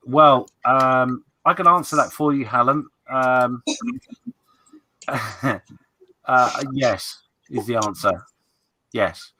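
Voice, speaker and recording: A man hosting a casual livestream, chatty and quick to laugh as he reads out viewer comments. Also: medium pitch, bright, forceful tone. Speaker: livestream host.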